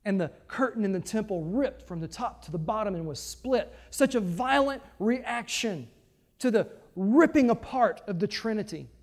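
A man preaching a sermon, reading scripture aloud and then preaching on it, swelling loud on key phrases and dropping low. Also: animated, moderate pace. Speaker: pastor.

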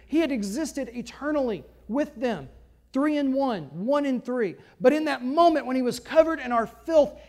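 A man preaching a sermon, reading scripture aloud and then preaching on it, swelling loud on key phrases and dropping low. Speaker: pastor.

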